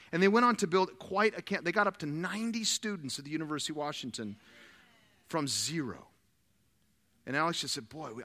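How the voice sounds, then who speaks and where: A man preaching a sermon, telling stories with animated quoted dialogue. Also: a little high, long reverb tail. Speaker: pastor.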